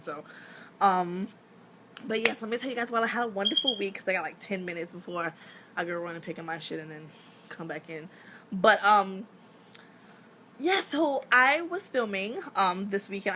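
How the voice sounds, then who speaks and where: A woman in her thirties, an actress chatting casually on a live stream, telling animated stories, laughing often and swearing freely. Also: lowish voice, slight background noise. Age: 30s.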